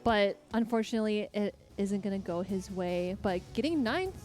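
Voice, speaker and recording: A woman's voice: mid-range voice, expressive, moderate pace. A woman co-commentating a live fighting-game tournament, giving casual, rambling analysis full of "like" and "you know", tired late at night. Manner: casual, filler-heavy analysis with "like". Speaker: esports co-commentator. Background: music.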